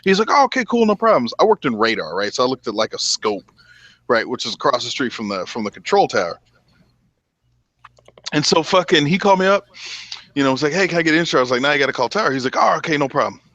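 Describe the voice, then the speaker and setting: A man's voice: medium pitch, quick pace, pauses often, no room sound, lo-fi sound. A middle-aged man telling a long profane story in casual chat, acting out the quotes. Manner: profane, animated, acts out quotes. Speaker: podcast host.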